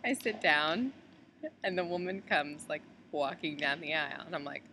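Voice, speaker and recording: Low bright-voiced chatty American-born woman. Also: normal speed, slight background noise. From United States. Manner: chatty, heavy use of "like" and "um". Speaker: traveler on a layover. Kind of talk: casual video message to a friend. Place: airport during a layover.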